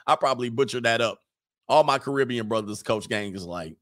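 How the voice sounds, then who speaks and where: Reading comments aloud on a relaxed livestream, a middle-aged streamer and coach laughs and spins slangy stories in an easygoing way. He speaks fairly quickly, at medium pitch, with a fairly bright tone.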